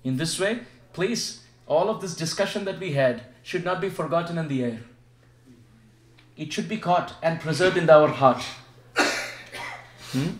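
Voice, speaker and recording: A man's voice: fairly high pitch, a little slow, pauses often, slight background noise. A man giving a devotional sermon at a home gathering, asking the audience questions and leading them in repeating chants. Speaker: visiting spiritual teacher. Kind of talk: devotional sermon with call-and-response. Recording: echoey room sound.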